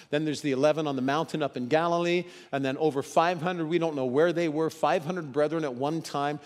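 Guy preaching a sermon, goes loud then real quiet for drama, slightly high voice, big echoey hall. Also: steady tone, a little fast, few pauses. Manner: dramatic, shifts between loud emphasis and hushed near-whisper voicing of quotes.

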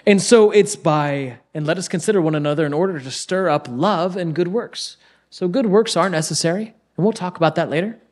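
A young man delivers a sermon with a somewhat high voice. He talks casually and earnestly, like he is chatting with the congregation. At moments he lowers his voice almost to a whisper. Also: a little fast. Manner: earnest, conversational preaching that drops to near-whispers. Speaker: preacher.

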